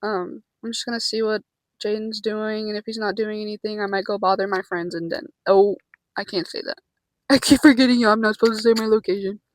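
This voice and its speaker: A woman's voice: mid-range voice, fairly even intonation, fairly quick, dry recording, low-quality recording. A young woman chatting casually in a vlog, nervous and rambling, with casual swearing. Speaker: vlogger.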